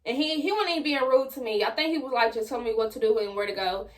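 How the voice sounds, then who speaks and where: A young adult woman telling a personal story straight to her viewers in a casual, slangy, animated way. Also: on the high side, fast. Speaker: vlogger.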